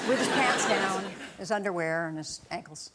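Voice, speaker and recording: A woman who directs films, talking in a thoughtful, measured way as a chat show guest. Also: medium pitch, lively intonation, a loud crowd, very noisy. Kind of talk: casual chat show interview. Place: TV studio with a live audience.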